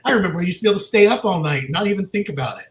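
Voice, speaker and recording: A middle-aged Californian man co-hosts a casual talk show, his pitch leaping and dipping as he laughs and jokes. The recording is roomy, with a faint noise underneath. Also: rapid-fire. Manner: animated, laughs often. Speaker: co-host. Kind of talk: casual chat.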